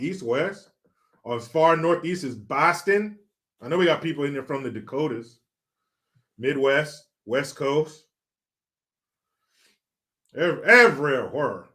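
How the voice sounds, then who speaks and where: A man's voice: medium pitch, lively intonation, bright, forceful tone. A man from California hosts a casual livestream and chats through viewer comments. He jokes and swears freely and laughs as he goes. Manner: profane, joking, chatty, pauses to laugh. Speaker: livestream host.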